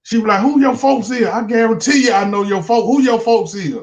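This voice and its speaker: A man voicing an eager young woman who pushes to get on stage as a comedian, talking fast and insistently. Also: very high-pitched, pitched above the performer's own voice. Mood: excited. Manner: pushy, rapid and excited. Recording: dull lo-fi recording.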